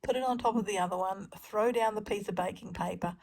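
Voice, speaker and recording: A woman's voice: medium pitch, fast talker, creaky, a little mellow. A middle-aged woman narrating her craft session in a chatty, self-deprecating way, full of ums and restarts. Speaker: crafting vlogger. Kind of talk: casual voice-over narration of a craft video.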